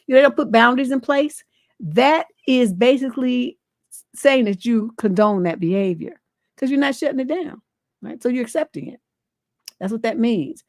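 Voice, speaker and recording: Middle-aged American woman, advice host, forthright and emphatic with a fairly high voice, dry close sound. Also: lively intonation, normal speed, no echo. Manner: blunt, forthright, emphatic, swears freely. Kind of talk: livestream advice talk, reading a viewer letter.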